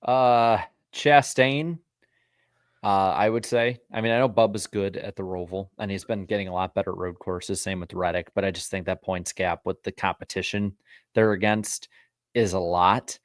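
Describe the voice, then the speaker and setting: A man's voice: low-pitched, fairly even intonation, moderate pace, dry recording, studio quality. A man co-hosting a casual racing podcast, chatting and giving opinions. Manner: conversational, throws in impressions of commentators. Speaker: podcast co-host. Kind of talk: casual chat.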